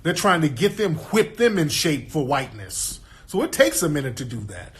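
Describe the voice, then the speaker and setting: A man's voice: a little high, sing-song, moderate pace. A man speaking as a guest in a casual monologue, emphatic and streetwise, often cursing and asking the listener for agreement. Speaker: guest commentator.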